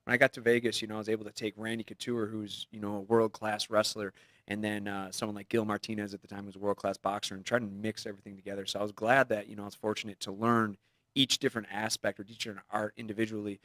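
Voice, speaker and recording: A man in his thirties, a fighter sitting in as guest, talks loose and quick in a casual interview. His voice is on the low side and rushes along. The studio recording is dry and close. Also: level tone, fairly bright tone, no echo. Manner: rapid, loose, laughs easily.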